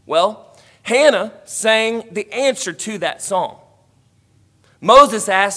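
A high-pitched male preacher delivering a sermon. He builds to forceful, emphatic declarations, then falls back to quiet, conversational asides. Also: expressive, slow.

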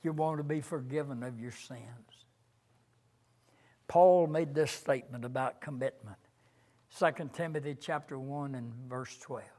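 An older man preaching a sermon in a slow, earnest way, reciting hymn lines with rising emphasis. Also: medium pitch, darkish tone.

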